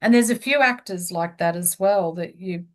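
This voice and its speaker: A woman's voice: lowish voice, normal speed. Chatty woman telling a story. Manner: chatty storyteller, acts out quotes. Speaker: podcast host. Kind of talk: casual conversation.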